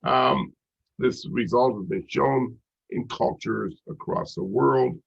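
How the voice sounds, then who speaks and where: A man's voice: mid-range voice, slow pace, gravelly, husky, highs cut off. A man teaching a recorded college psychology lecture, talking conversationally with frequent ums and restarts.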